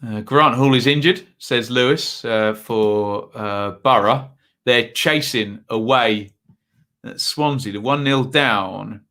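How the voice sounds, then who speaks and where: A man's voice: mid-range voice, slow pace, bright, forceful tone. A man hosting a live football watchalong stream, chatting casually and reading out viewer comments between match updates.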